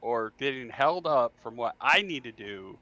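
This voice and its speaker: A man's voice: medium pitch, animated, normal speed, sharp tone, no room sound, muffled recording. A man playing a tabletop game, talking emphatically and ranting about plans. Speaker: player. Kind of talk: casual game chat.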